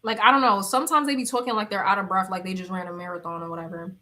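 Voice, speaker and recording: A woman's voice: mid-range voice, steady tone, rapid-fire, pushed and bright. A young woman chatting casually on a livestream, reading comments aloud, blunt and laughing often. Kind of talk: casual chat.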